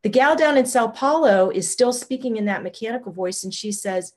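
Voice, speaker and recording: A woman's voice: medium pitch, normal speed, few pauses. A woman in her sixties, a podcast guest, telling a personal story and acting out the quoted voices. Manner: animated storyteller, acts out quotes. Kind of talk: interview storytelling.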